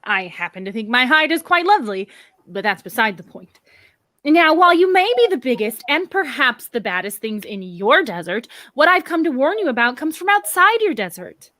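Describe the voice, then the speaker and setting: A woman's voice: high voice, big pitch swings, moderate pace, bright, forceful tone, exaggerated voice. A woman voicing a sly, wordy female fox antihero in a stage play, with fussy, formal phrasing. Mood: prim.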